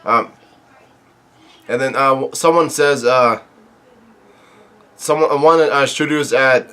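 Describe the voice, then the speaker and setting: A man's voice: mid-range voice, slow pace, pushed and bright, clear, resonant tone. A man casually recapping a comic chapter, reading the panels aloud and rambling with lots of fillers and restarts. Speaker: manga chapter reviewer.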